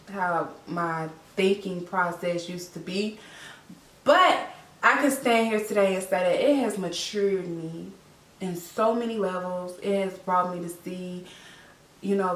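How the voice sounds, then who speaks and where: A woman's voice: on the low side, a bit bright. A young woman telling a heartfelt personal story to camera, tearful and repeating herself with many fillers. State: teary, crying. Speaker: vlogger, new mother. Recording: echoey room, voice a bit far from the mic.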